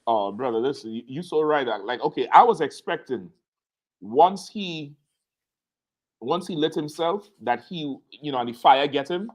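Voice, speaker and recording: A man's voice: fairly high pitch, expressive, normal speed. A man hosting a casual talk show, telling a story with energy and acting out the quotes in it. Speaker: show host.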